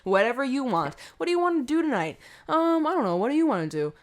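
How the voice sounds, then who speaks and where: A woman voicing a passive, go-with-the-flow young woman who sounds breezy, indecisive and higher pitched. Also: sing-song, quick pace.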